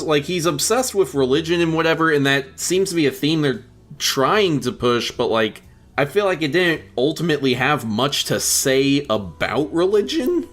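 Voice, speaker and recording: A young man co-hosting a casual movie review podcast, talking haltingly with many restarts. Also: on the high side. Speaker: podcast co-host.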